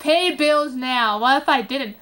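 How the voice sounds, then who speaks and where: A woman giving casual, excitable game commentary into a phone recording app, swearing freely and breaking into giggly outbursts. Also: high voice, measured pace. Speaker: gameplay commentator.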